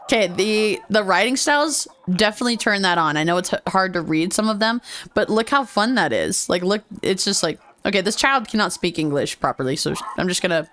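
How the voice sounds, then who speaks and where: A woman's voice: mid-range voice, expressive, brisk, fairly bright tone. A woman streaming a video game, reading its dialogue aloud and putting on voices, playful and giggly, sometimes tripping over hard words. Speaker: let's play streamer.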